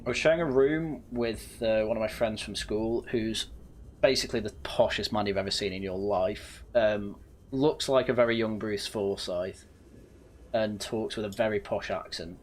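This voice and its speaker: A man's voice: lowish voice, normal speed, slight background noise. A young man from England with a slightly posh northern English accent, chatting casually and telling rambling, self-correcting stories while playing a game. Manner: rambling anecdotes with frequent laughs and self-corrections. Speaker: gaming channel host. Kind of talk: casual let's-play chat.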